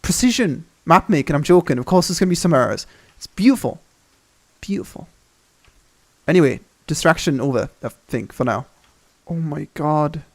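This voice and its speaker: Young male gaming host, slightly high voice with gravel, rambling and swearing through a casual map tour. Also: normal speed, pauses often. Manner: excitable, rambling, swears often. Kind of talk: casual game commentary.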